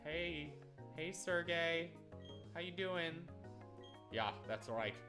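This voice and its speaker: A man voicing a gruff male video game character in a put-on Russian accent, with a throaty, swallowed sound. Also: a little high, expressive, slow, music in the background, pitched above the performer's own voice.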